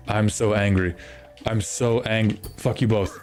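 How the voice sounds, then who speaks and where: A man's voice: fairly low pitch, steady tone, slow pace, a little mellow, soft background music. A young man streaming a video game, reacting with constant frustrated swearing as he plays. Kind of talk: live gameplay commentary.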